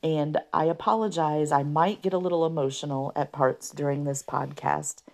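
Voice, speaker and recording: Rough-voiced, gravelly low woman. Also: fairly even intonation, normal speed, darkish tone. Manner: earnest, faith-filled, unscripted, with throat clearing. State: rough voice from allergies. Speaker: podcast host. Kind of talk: personal testimony podcast.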